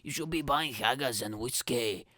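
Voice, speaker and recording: Man putting on a gruff Scottish grump. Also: normal speed, bright, forceful tone, dry recording, close to an everyday voice. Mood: grumbling. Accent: put-on Scottish. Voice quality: low gruff growl. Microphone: podcast microphone in an attic room.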